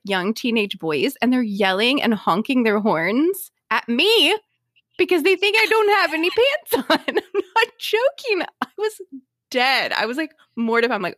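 A woman in her thirties co-hosts a podcast, telling a funny story in casual chat as an animated storyteller who acts out quotes with big pitch jumps. The studio-quality recording has no echo.

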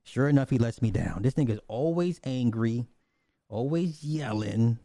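Blunt man ranting casually, dark dry voice. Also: medium pitch, animated, unhurried, dry recording. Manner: blunt, profane, repetitive, restarts often. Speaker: commentator.

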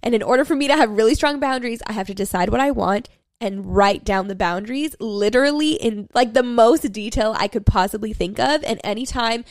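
A woman's voice: fairly high pitch, a little fast, no echo. A young woman in her twenties hosting a candid solo podcast, talking frankly with lots of swearing and "like" fillers, giving listeners a pep talk. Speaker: podcast host.

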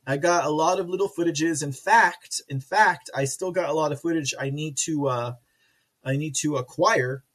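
A man's voice: a little high, moderate pace, fairly bright tone. A man from Texas hosting a livestream, chatting casually with viewers and reading their comments, giggly and rambling. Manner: giggly, rambling, self-mocking. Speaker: livestream host reading chat.

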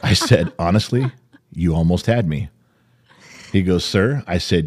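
Middle-aged man, very deep voice, podcast host, animated storytelling, swears a lot. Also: moderate pace, breathy edge. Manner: animated, profane, acts out quotes. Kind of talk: casual storytelling chat.

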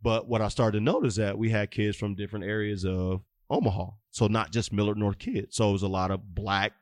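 A man's voice: lowish voice, steady tone, brisk, no room sound. A man in his thirties, a youth football coach and podcast guest, telling stories animatedly and acting out the dialogue. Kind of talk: casual interview storytelling.

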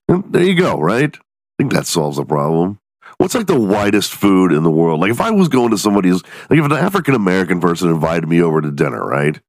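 A man with a very deep voice hosts a casual comedy podcast, cursing freely as he tells stories and slips in quick mock voices for the people in them. He is from Texas. His voice is recorded close and dry, with no room sound. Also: dry recording. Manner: profane, animated storytelling with mock voices. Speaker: podcast host.

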